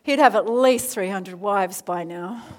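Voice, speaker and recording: A woman preacher in her thirties leading a prayer, then telling her story with lively asides and soft near-whispered moments. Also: mid-range voice, a little slow. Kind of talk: sermon with prayer.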